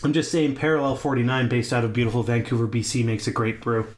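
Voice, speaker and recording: A man co-hosting a gaming podcast in casual chat, talking in an animated way, swearing freely and laughing often. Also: mid-range voice, fast talker. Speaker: podcast co-host.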